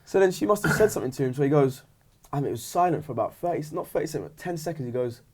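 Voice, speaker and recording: A man's voice: on the high side, very fast. A young man with a British accent, telling a story in casual podcast chat and acting out what people said. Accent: British English. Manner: animated, acts out quotes, says "bro" and "right?". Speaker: podcast co-host.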